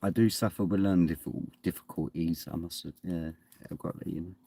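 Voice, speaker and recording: A man's voice: deep voice, fairly even intonation, brisk, gravelly, warm tone, a little hiss or hum. A man chatting casually on his live stream at home, rambling, laughing often and swearing now and then. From England. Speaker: streamer reading chat. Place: at home indoors.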